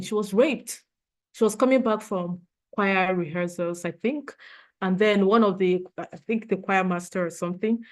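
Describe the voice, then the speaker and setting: Earnest woman giving a training talk. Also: medium pitch. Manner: earnest, emotional, repeats points for emphasis. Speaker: leadership trainer.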